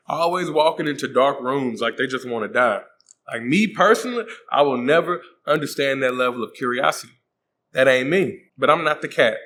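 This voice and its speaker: A man's voice: medium pitch, a bit bright. A man hosting a comedic movie recap, joking in slang and acting out the characters' voices. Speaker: host.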